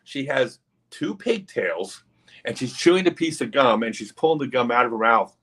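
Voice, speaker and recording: A man hosting a livestream, telling a long story in an animated, casual way with lots of asides. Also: medium pitch, moderate pace, breathy edge. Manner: animated, many fillers and asides. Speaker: livestream host.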